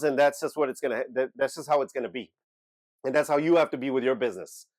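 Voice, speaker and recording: Recorded dry, a man with a medium-pitched voice hosts his own off-the-cuff reselling vlog. As an eBay seller, he addresses the camera directly in a blunt, emphatic tone.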